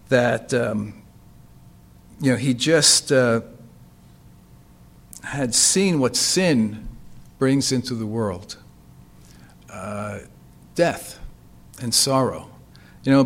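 A man reading scripture aloud and then explaining it, with frequent fillers and restarts. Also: medium pitch. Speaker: Bible teacher.

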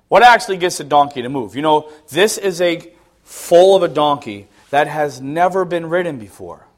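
A middle-aged man preaching a sermon, telling stories with self-mocking laughs, dropping to low mutters and rising to loud, high exclamations. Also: animated, moderate pace. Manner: laughs at himself between lines. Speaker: pastor.

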